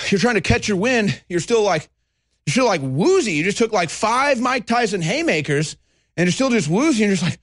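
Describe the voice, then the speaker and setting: A man hosting a heated ranting monologue, talking fast and animated, sighing and mocking others in put-on voices. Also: high voice, dry recording, clean studio sound. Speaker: host.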